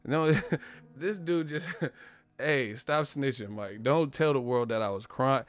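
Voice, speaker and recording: Animated, joking man. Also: mid-range voice, takes it slowly. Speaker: boxing commentary host. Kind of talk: casual chat.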